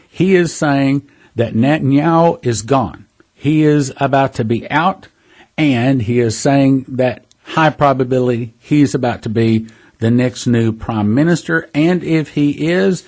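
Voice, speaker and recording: A man's voice: mid-range voice, a little mellow. A man hosting a prophecy ministry, giving an earnest, conversational preaching monologue and calling listeners brothers and sisters.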